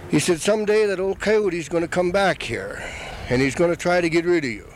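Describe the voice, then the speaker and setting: An older man telling a traditional story in an unhurried, plain-spoken way, repeating "he said" between the quoted lines. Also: sits high, a little hiss or hum, poor audio.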